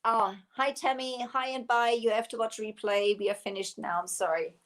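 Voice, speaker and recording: A woman's voice: on the high side, fairly even intonation, normal speed, fairly bright tone. A woman with a German accent hosting a casual live stream about her craft shop, chatty and laughing often as she reads viewer comments. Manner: giggly, laughs often while talking.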